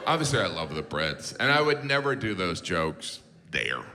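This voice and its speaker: A man's voice: deep voice, big pitch swings, moderate pace, very noisy. A male stand-up comedian on a theater stage, with incredulous, mock-indignant delivery into a handheld mic. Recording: reverberant theater with crowd laughter.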